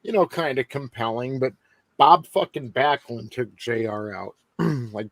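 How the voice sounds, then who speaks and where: A man's voice: mid-range voice, unhurried, creaky, a bit bright, no room sound. A man with a mid-range voice, talking in a wry, grumbling way as he hosts a casual podcast review. The sound is dry and close, with no room around him. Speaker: podcast host. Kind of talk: casual chat, reviewing wrestling.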